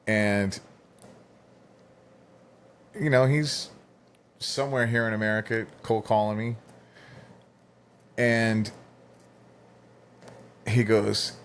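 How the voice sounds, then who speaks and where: A man's voice: on the low side, steady tone, slow pace, long pauses, slight background noise. A man co-hosting a casual podcast, telling stories animatedly and laughing often. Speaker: podcast co-host. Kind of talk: casual chat.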